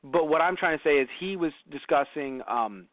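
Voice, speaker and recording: A man co-hosting a podcast in casual chat, animated and acting out quoted voices. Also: a little high, normal speed. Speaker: podcast co-host. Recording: tinny phone-like sound, dry.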